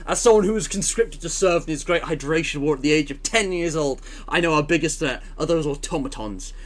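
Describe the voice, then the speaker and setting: A man voicing a blustering male campaign orator in a put-on Southern American accent, loud and rousing. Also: a little high, brisk, pitched above the performer's own voice, lightly acted. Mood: rousing, ranting.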